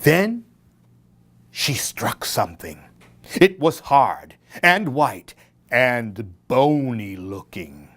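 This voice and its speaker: With a medium-pitched voice and big pitch swings, a male children's librarian reads a Halloween story slowly and deliberately. He lengthens words and lets his voice rise and fall dramatically line by line.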